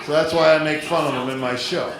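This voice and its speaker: A stand-up comedian, a man with a fairly high voice, tells jokes in a chatty way and now and then slips into quick impressions. He was recorded live in a very echoey theater. A loud audience laughs, and steady noise sits under the whole set. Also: a loud crowd.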